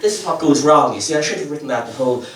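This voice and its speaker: Rambling older comic, roomy and distant. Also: male voice, on the high side, expressive, rapid-fire, slight background noise. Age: 70s. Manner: rambling, stammering, self-mocking. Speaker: stand-up comedian. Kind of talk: stand-up comedy set. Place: comedy club stage. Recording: roomy live audio from far off. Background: audience laughter.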